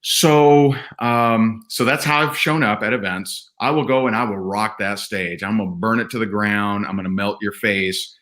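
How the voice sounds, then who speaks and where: A man telling personal stories as a podcast guest, earnest and animated, often restarting his sentences. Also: on the low side, normal speed, hardly any pauses. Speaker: podcast guest, event speaker. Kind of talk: candid conversational storytelling.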